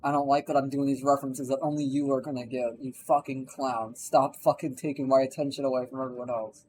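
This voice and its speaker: A man's voice: medium pitch, flat delivery, a little fast, darkish tone, slight background noise, poor audio. A young man streaming live, telling a rambling, profane story while he plays a game. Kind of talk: casual chat while gaming on a live stream.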